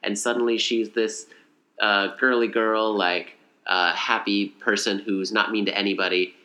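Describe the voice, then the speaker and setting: Low bright-voiced man recapping a movie. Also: normal speed. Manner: rambling, animated retelling with acted quotes. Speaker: podcast co-host. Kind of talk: casual movie recap chat.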